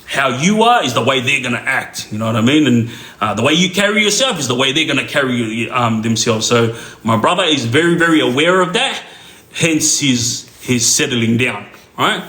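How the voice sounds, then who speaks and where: A man's voice: mid-range voice, lively intonation, moderate pace, sharp tone, echoey room, low-quality recording. An Australian man casually telling a story to his viewers, rambling with lots of fillers. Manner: rambling with many fillers and restarts.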